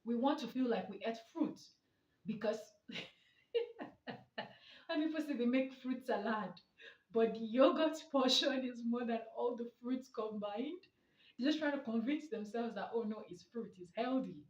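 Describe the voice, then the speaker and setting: A woman's voice: fairly high pitch, measured pace, pauses often. A woman giving a motivational talk as a therapist, emphatic and rhetorical with mocking asides. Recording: echoey, distant, dull sound.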